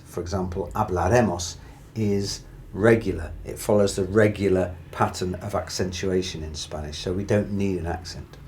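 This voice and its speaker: A man with a low voice gives a methodical grammar lesson, stepping through each verb form in turn. A faint background hiss sits under the recording. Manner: steady, methodical, drills through conjugations. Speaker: Spanish grammar teacher. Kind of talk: explanatory language lesson.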